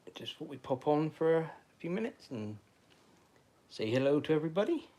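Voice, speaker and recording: A man's voice: on the high side, big pitch swings, fairly quick, mellow. A man chatting casually on a live stream from home, rambling and talking to viewers and his dog.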